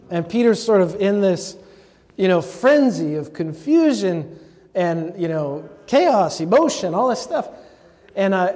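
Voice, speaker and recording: In a large convocation lecture hall, a man with a high-pitched, somewhat dark voice hosts a conversational, funny scripture lecture, tossing asides to his audience. The live talk carries a long hall reverb.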